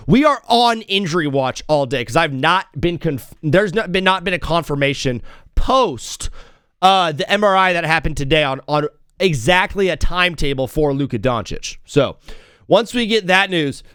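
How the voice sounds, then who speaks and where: A young man hosting a casual sports talk show, joking and shifting quickly between loud outbursts and mumbled asides. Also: a little high, expressive, smooth, no echo, studio quality. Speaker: host.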